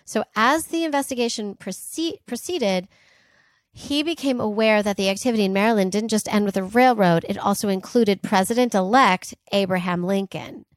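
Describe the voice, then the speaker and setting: A woman co-hosting a podcast and telling a history story in a loose, chatty way. She is at a middle pitch, with quips and asides. The sound is close and dry, with no room around her. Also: normal speed, no room sound. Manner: chatty, jokey, fillers and asides. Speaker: podcast co-host. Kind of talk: casual storytelling chat.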